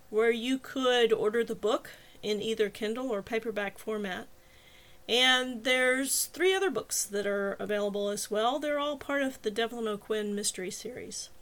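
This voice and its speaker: A woman author reads her own novel aloud on a podcast, her voice sitting a touch high. She chats casually with listeners between chapters before returning to the book. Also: fairly bright tone. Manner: casual, chatty asides before reading.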